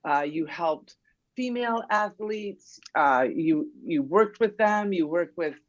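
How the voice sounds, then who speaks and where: A woman's voice: lowish voice, expressive, takes it slowly, no room sound. A middle-aged woman sits in as a podcast guest, telling family stories in an easy chatty way and acting out bits of old conversations. Her voice sounds close and dry. The recording is slightly muffled. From New England. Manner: warm storytelling, acting out remembered dialogue. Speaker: guest, mother of a basketball player. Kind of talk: casual podcast chat.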